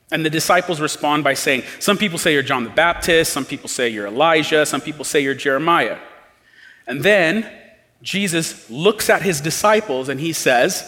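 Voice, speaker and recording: A man preaches in a loose, conversational way, slipping into different tones when he acts out quotes. His voice sits a bit high. The sound carries a long reverb, as in a church hall. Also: animated, normal speed, sharp tone. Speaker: pastor. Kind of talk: sermon.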